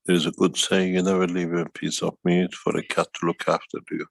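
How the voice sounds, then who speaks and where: A man speaking as a guest in a casual conversation, slow and rambling, sometimes dropping plural endings. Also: deep voice, little pitch movement, vocal fry, no echo, low-quality recording.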